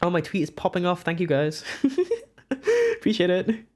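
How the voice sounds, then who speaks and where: Young Welsh streamer, giggly, rambling, casual live-stream chat, very lively pitch. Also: normal speed. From Wales. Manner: giggly, rambling, chats to viewers. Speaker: art streamer.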